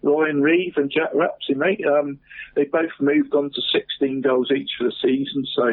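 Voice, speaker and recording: A man's voice: a little high, fairly even intonation, moderate pace, no echo. A man presenting local football results in casual radio chat, saying "mate" after nearly every phrase. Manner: says "mate" constantly, chatty and rambling. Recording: phone-like radio line.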